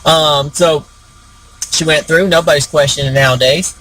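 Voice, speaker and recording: A man's voice: a little high, fairly even intonation, moderate pace, a bit bright, low-quality recording. A man hosting a show, telling jokes in a rambling, folksy way with many fillers. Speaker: host. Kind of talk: casual joke-telling.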